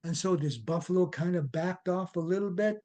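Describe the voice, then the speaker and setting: A man telling a traditional story to an audience, deliberate and explaining native words as he goes. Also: sits high, warm tone. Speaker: storyteller and educator.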